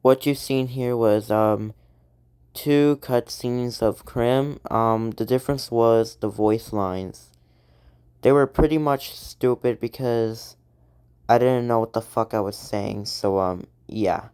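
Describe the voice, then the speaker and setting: A woman's voice: extremely low pitch, slow, dark tone, clear, resonant tone. A woman creator casually talking through her own scrapped animation concepts, rambling and swearing with lots of ums. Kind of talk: casual commentary on own artwork. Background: synthesizer music.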